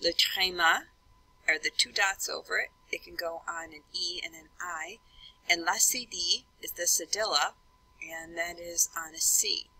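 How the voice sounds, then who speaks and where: A woman teaching a classroom lesson, slowly and deliberately spelling out letters one at a time. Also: fairly low pitch, bright, forceful tone, husky, poor audio. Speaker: French teacher.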